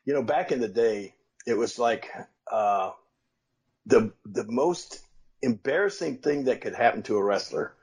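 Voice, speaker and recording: Husky older man telling stories. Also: mid-range voice, a little slow. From United States. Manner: animated storyteller, voices quoted people. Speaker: podcast co-host, former wrestler. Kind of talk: casual storytelling chat.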